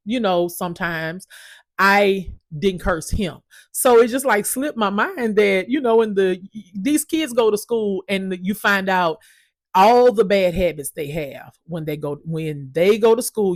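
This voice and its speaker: A woman in her thirties casually telling her own story as a parent, animated and emphatic, swearing freely. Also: medium pitch, unhurried, no echo, clean studio sound.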